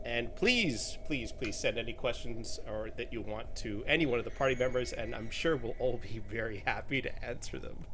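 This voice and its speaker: A man's voice: lowish voice, background noise. A man from Canada co-hosting a live-play stream, chatting casually with stammering restarts. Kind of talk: casual sign-off chat.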